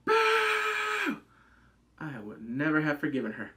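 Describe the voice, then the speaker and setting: A man's voice: fairly high pitch, normal speed. A man hosting his own channel, chatting casually through a drama review with lots of "like" fillers. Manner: animated, chatty, acts out scenes in put-on voices, many "like" fillers.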